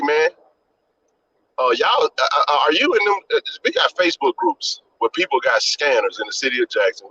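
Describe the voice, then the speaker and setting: In dull lo-fi live-stream audio with slight background noise, this podcast host delivers an impassioned rant, hammering his points again and swearing for emphasis in a preacher's manner. His voice is on the high side with a sharp tone.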